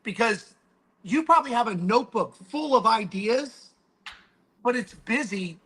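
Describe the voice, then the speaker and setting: A man with a high, bright voice talks casually, with plenty of swearing. He tells stories emphatically and acts out the back-and-forth with his mentor. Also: rough recording. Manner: profane, storytelling. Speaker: guest speaker. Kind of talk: casual chat.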